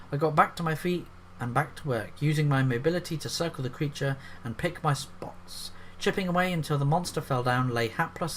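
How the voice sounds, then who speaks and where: A man's voice: a little high, fairly bright tone, a little hiss or hum. A man reading an article aloud and breaking off into sarcastic, profane commentary. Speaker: YouTube commentator.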